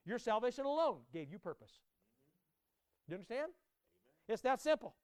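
Male pastor, very high voice, smooth and clear, emphatic sermon delivery with repeated words. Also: sing-song, moderate pace. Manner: emphatic, repeats words, builds to loud climaxes.

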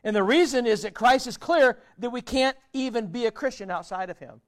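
A man pastor delivering a sermon, pleading and rhetorical, swinging between loud appeals and hushed quiet asides. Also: extremely high pitch, fairly quick.

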